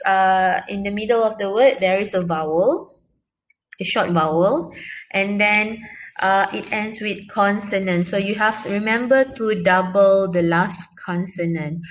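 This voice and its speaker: A young woman teaching a recorded English grammar lesson, patiently repeating key words slowly and often pausing with fillers. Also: medium pitch, a bit bright, slight background noise.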